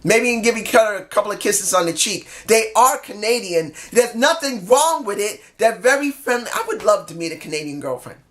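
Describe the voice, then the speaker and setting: A man's voice: sits high, lively intonation, brisk, hardly any pauses, a bit bright. A man giving a casual video review of a wrestling show in a rambling, jokey, self-deprecating way.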